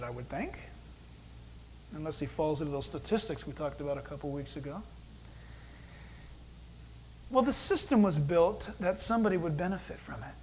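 A man preaching a sermon as pastor, animated, acting out God's voice in quoted asides. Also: a little high, slight background noise, poor audio.

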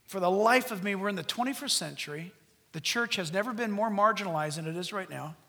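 A middle-aged man preaching a sermon as pastor, animated, swinging from loud peaks to hushed asides. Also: high-pitched, fast.

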